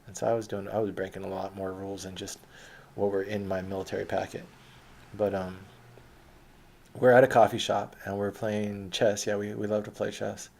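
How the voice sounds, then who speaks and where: Man, casual storyteller, rambling, profane, deep gravelly voice. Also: a little mellow, a little hiss or hum.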